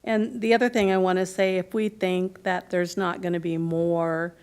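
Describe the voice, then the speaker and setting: Commissioner, woman, low and monotone, halting speech at a board meeting. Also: clean tone. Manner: halting, repeats herself, opinionated. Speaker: county commissioner. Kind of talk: board discussion. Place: county commission meeting room.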